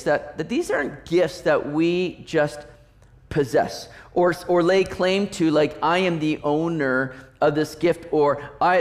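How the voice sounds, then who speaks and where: A man preaching a sermon as a pastor. He talks in a conversational way, asks the congregation rhetorical questions and often restarts his sentences. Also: high voice.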